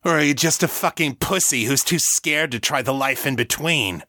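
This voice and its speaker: Man playing a brutal vampire sire, snarling, profane, bullying, bright forceful edge, dry sound. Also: mid-range voice, normal speed, no room sound, voice pushed up. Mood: taunting. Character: brutal male vampire sire, crude and domineering.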